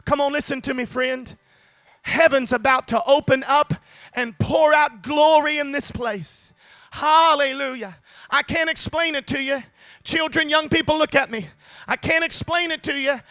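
A man preaching a sermon to a congregation, fervent and building to shouted climaxes, calling out to the listeners. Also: very high-pitched, no room sound, clean studio sound. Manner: calls out to the congregation.

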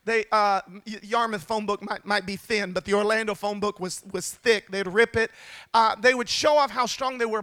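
A man, building from quiet storytelling to impassioned, shouted peaks. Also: sits high, dry recording. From United States. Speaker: preacher. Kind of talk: sermon.

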